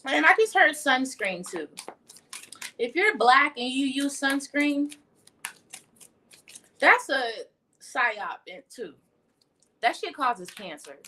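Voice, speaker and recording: A woman's voice: sits high, very animated, slow pace, pauses often, sharp tone, a little hiss or hum. A young woman giving a casual tarot reading on a livestream, blunt and profane as she talks. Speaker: tarot reader. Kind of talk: casual spiritual livestream talk.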